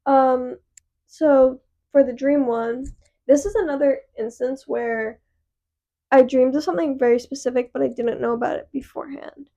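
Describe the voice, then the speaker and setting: A young woman co-host with a high voice and a gravelly fry, telling stories in a loose, chatty way. The recording sounds a little dull and lo-fi. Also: steady tone, moderate pace, dark tone. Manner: chatty storytelling with many "like" fillers. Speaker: podcast co-host. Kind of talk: casual chat.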